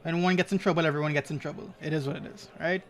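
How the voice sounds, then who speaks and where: A man's voice: fairly high pitch, very fast. A man co-hosting a podcast, telling stories in casual chat and laughing often. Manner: storytelling, animated, laughs often. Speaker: podcast co-host.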